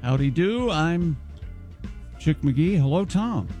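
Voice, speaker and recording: Jokey male radio co-host, high animated voice, faint music bed. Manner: jokey, quick quips. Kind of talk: morning radio banter. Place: radio studio.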